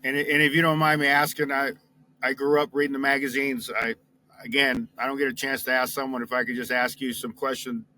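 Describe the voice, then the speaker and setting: A man's voice: mid-range voice, flat delivery, a little fast, pushed and bright, slight background noise, rough recording. A man asking eager questions in a casual interview.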